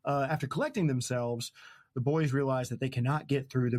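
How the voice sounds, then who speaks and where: A man hosts a podcast, retelling a book in casual, chatty fashion. He jokes constantly, laughs at his own asides, and lets sentences trail off mid-thought. His voice sits at an ordinary middle pitch for a man. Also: steady tone, a little fast, darkish tone. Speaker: podcast host.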